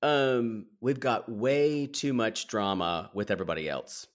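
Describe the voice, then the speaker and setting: A man co-hosting a podcast in casual chat about a reality show, opinionated, with quick quips. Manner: opinionated, quick quips, squeaky impressions of people. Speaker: podcast co-host.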